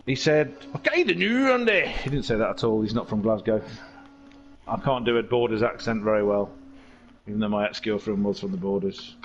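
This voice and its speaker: A man's voice: on the low side, a little fast, dull audio. A man giving jokey, rambling live commentary on a sim race. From England. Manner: excitable, jokey, tangent-prone.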